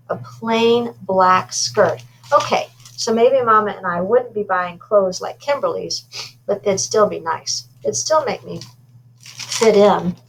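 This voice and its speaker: A woman's voice: medium pitch, fairly bright tone, slight background noise, low-quality recording. A woman reading a children's novel aloud in an informal way, stumbling now and then and adding asides about her own slips. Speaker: reader.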